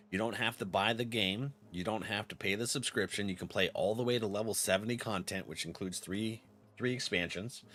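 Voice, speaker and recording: A man streams a game, chatting casually and reading his viewers' messages aloud. He's chatty and laughs often, with lively swings in his pitch.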